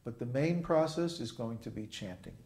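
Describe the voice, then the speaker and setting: A spiritual teacher gives an informal sermon, chanting examples aloud and often pausing to ask "huh?" His mid-range voice is animated and a little mellow with vocal fry, at a moderate pace, in a roomy, echoing space.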